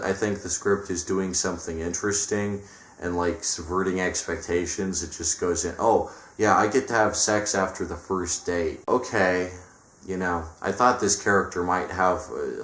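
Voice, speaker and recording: A man's voice: low-pitched, normal speed, a bit bright, reverberant. A man reviewing a film in a profane, sarcastic, exasperated rant.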